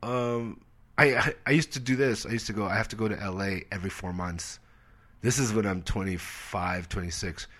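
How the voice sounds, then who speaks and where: A man in his forties tells stories in a relaxed interview, his voice sitting on the low side. He is animated and swears freely, and he slips into other people's voices as he tells them. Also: normal speed. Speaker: comedian guest. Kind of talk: casual storytelling interview.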